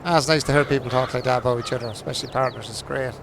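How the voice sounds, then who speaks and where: Over a noisy background, a livestream host chats casually as he plays a farming game, teasing his audience with jokes, frequent laughter and free swearing. His medium-pitched voice has vocal fry and moves at a quick pace.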